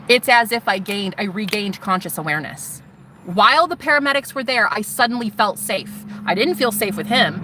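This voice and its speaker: A young woman telling a personal story to her viewers in an animated, swearing way, acting out what others said. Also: mid-range voice, a little hiss or hum, poor audio. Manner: animated, swearing, acts out quotes. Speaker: vlogger. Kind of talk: storytelling testimony.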